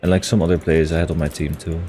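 A man's voice: a bass voice, level tone, fast, mellow, soft background music. A young man with a Dutch accent streaming a game, chatting casually, reading chat aloud and swearing freely.

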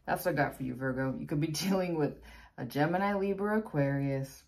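Low-voiced woman doing a tarot reading. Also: moderate pace, a little mellow, a little hiss or hum. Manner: chatty and blunt, with exasperated asides. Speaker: tarot reader.

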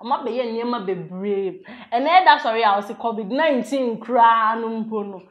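Ghanaian woman host, slightly high pitch, casual chat, short affirmations. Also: normal speed, echoey room, highs cut off. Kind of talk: casual political chat in Twi and English.

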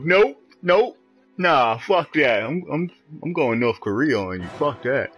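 A man's voice: fairly high pitch, measured pace, husky, faint music behind, low-quality recording. A man streaming a game, trash-talking in loose, profane commentary. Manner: profane, animated trash talk. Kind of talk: live gameplay commentary.

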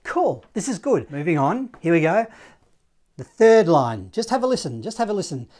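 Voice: mid-range voice, very animated, moderate pace, a little mellow, faint music behind. A saxophone teacher giving a casual, encouraging online lesson, scatting note rhythms and counting in.

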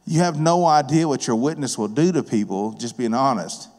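Delivering a plain-spoken sermon at a moderate pace, this man has a medium-pitched voice with a darkish tone. The long reverb of the church sanctuary surrounds him as he shares stories from running his business and working as a contractor.

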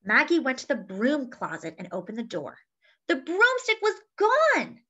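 Lively woman reading a children's story. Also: sits high, measured pace. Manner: lively, asks young listeners questions. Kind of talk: read-aloud storytelling for children. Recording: dull lo-fi sound.

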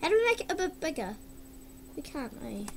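A woman's voice: sits high, very animated, fairly quick, noisy background. A woman vlogging casually at her computer, exclaiming, giggling and humming along, recorded through a webcam mic. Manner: giggly, exclaims often, hums and sings along.

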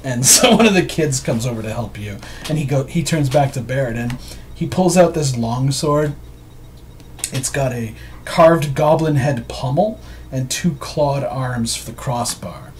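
A man's voice: mid-range voice, expressive, a little slow. A man runs a tabletop game in a loose, chatty style. His narration is casual and easygoing. Faint hiss sits underneath. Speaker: game master.

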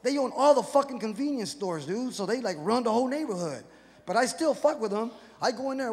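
A man's voice: extremely high pitch, a little fast. A male stand-up comedian from Houston, Texas, talking profanely and acting out voices on stage. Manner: profane, animated, acts out voices. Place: live comedy venue with audience. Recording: echoey hall with crowd noise.

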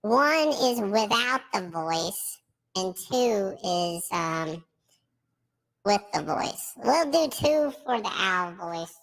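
A man's voice: sits high, lively intonation, slow, a bit bright, voice pushed up, exaggerated voice. A man talking through a voice filter as a brash, slangy streetwise eater, hyping up his food during a mukbang stream. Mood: bantering. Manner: swaggering, slangy hype talk while eating.

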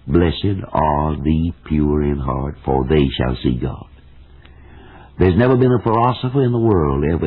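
A man's voice: low-pitched, creaky, slightly rough. An older man with a Southern American accent preaching a radio sermon in a folksy, emphatic way, with plain homespun examples. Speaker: evangelist preacher. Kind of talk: old-time radio sermon. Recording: tinny, lo-fi vintage radio recording.

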